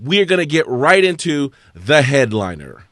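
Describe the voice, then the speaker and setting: A man hosting a casual combat sports podcast, talking briskly with frequent fillers and restarts. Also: fairly high pitch, big pitch swings, heavy background noise. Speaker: podcast host.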